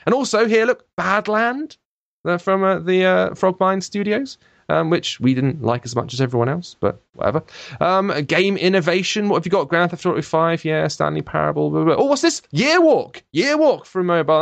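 A man's voice: a little high, dry recording. A man, hosting a casual podcast chat about games, jokey and rambling through lists. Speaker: podcast host.

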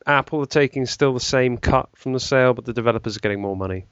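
A young British man in a relaxed podcast chat, joking and chuckling between news items. His voice is mid-pitched and conversational. The mic sound is dry and a touch dull. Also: quick pace, clean tone, no room sound. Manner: jokey, laughing often, reading news items. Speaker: podcast co-host. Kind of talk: casual chat.

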